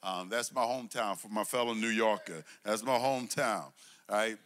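A middle-aged man from Brooklyn, preaching a sermon with call-and-response, swinging between loud emphasis and low asides. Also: normal speed. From Brooklyn, New York. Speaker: pastor.

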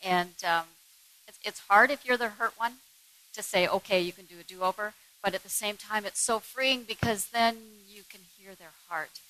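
Bright-voiced woman co-presenting a marriage talk. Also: medium pitch, moderate pace, low-quality recording. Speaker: marriage speaker, co-presenter with her husband.

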